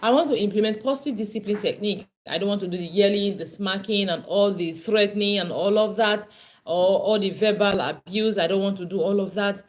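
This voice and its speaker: A woman's voice: mid-range voice, a little fast. Woman, parenting coach, emphatic, repetitive, earnest teaching. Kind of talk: online class teaching.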